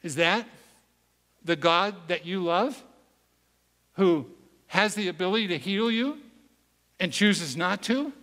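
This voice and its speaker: A man's voice: sits high, expressive, takes it slowly, long pauses, fairly bright tone, pitched above the performer's own voice, exaggerated voice. A man doing a smug skeptical caregiver. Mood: smug, needling. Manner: mocking, probing questions. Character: smug skeptical male caregiver, adult, questioning. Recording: echoey hall reverb.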